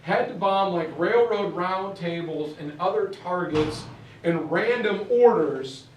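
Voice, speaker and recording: A man lecturing on history as an animated storyteller who acts out the quotes. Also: high-pitched, takes it slowly, slight background noise. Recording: roomy sound from far off.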